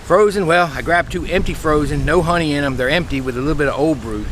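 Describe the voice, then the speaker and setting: A man, a beekeeper telling a rambling, folksy story outdoors in his bee yard, his voice a little squeaky from the dry air. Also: fast talker, background noise. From Louisiana, USA. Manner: chatty, folksy, rambling with restarts. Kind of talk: casual vlog storytelling.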